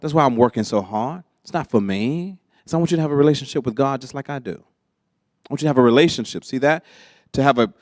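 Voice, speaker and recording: A man's voice: medium pitch, no room sound, studio quality. A man leading a church teaching workshop, conversational and often checking that listeners follow. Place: church classroom.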